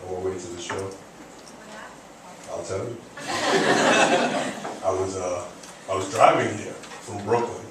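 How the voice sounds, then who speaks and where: A man doing a stand-up comedy set on a club stage, an animated storyteller with punchy asides, using a handheld mic. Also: low voice, background noise. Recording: echoey club room, distant mic, loud crowd.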